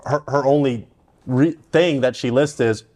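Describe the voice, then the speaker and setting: A young man co-hosting a casual podcast chat, animated and quick to agree and tease. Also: medium pitch. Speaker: co-host.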